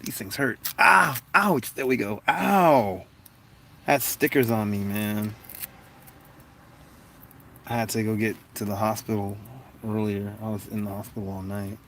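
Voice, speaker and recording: 40s guy chatting on a livestream, laughs a lot, voice not too deep, little hiss behind. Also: flat delivery, normal speed, pauses often. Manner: laughs often, jokes about putting on accents. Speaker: livestream host. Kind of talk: casual livestream chat reading comments.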